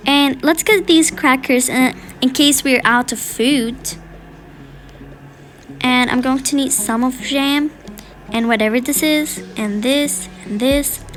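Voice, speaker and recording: A woman's voice: sits high, slow, a bit bright, voice pushed down. A woman voicing a busy mother of twins in a toy game role-play, fussy and soothing. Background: background music.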